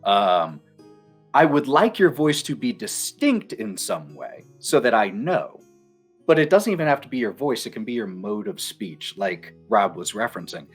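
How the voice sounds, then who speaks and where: Animated low-voiced game master. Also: male voice, moderate pace, husky, faint music behind. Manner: animated, explains by demonstrating. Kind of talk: casual chat.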